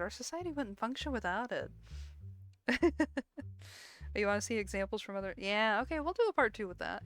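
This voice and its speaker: A woman streamer playing a game, reading its text aloud and commenting casually, giggling and swearing freely. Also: medium pitch.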